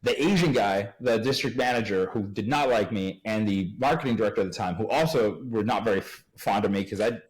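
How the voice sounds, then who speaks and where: Low-voiced man telling a lively story. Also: fairly quick, few pauses, rough recording. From Uruguay. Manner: animated storyteller, acts out quoted voices. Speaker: podcast guest, entrepreneur. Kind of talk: casual storytelling interview.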